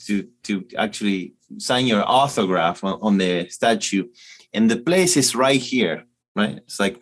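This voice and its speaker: Argentine man asking English questions. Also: lowish voice. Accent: Argentine Spanish. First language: Spanish. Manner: inquisitive, repeats himself to frame questions. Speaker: co-host and English learner. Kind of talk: casual chat asking language questions.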